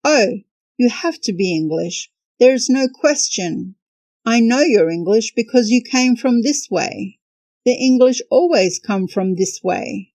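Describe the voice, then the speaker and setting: A woman's voice: on the high side, animated, unhurried, dry recording. Woman putting on a grinning old drink seller man. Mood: gleeful. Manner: broken English, bright and eager. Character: cheerful little old male drink seller.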